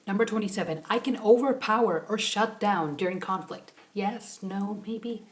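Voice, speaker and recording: A young woman vlogging as she takes a quiz. She reads the questions softly and then rambles through her answers in animated rants. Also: mid-range voice, normal speed, few pauses. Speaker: YouTuber. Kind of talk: casual vlog chat, taking a quiz.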